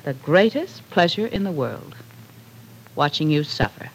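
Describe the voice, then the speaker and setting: A woman's voice: low voice, expressive, measured pace, slightly rough, heavily acted, poor audio. An actress playing a cruel woman villain who gloats over her captive in a 1940s radio drama, mocking and sneering. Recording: faint hiss of an old radio broadcast.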